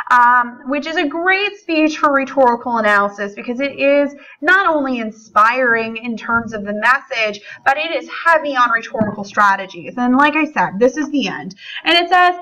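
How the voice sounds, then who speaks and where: A woman, a high school English teacher, explaining grammar in a chatty lecture with frequent fillers. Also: bright, forceful tone, rough recording. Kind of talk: recorded classroom lecture.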